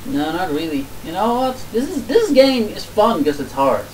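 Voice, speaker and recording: Man, gaming banter, high pitched, teasing, off-mic, faint hiss. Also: normal speed, recorded from a distance, rough recording. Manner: teasing, animated, swears when losing. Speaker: let's play commentator.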